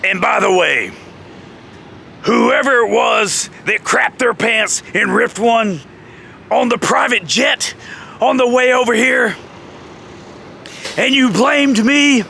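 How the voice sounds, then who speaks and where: A man impersonating an indignant male wrestling boss who shouts his accusations in slow, drawn-out phrases. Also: very high-pitched, vocal fry, a little hiss or hum, voice pushed up, full character voice. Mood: scolding.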